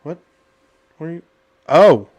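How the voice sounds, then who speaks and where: A man's voice: on the high side, lively intonation, measured pace, darkish tone, no room sound, highs cut off. Blunt, rambling podcast host man. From United States. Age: adult parent. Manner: rambling, blunt and indignant, many fillers. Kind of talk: casual political podcast chat.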